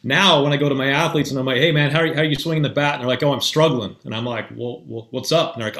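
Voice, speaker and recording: A man's voice: medium pitch, very fast, few pauses. Man telling a story in an echoey room. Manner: animated, acts out both sides of dialogue. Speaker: mental performance coach. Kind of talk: casual storytelling. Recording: roomy echoey sound.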